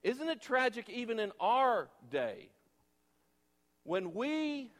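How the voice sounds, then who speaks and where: A man pastor preaching a sermon, emphatic and full of rhetorical questions, dropping from forceful to hushed. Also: very high voice, sing-song, slow. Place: church sanctuary. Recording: long reverb of a large church hall.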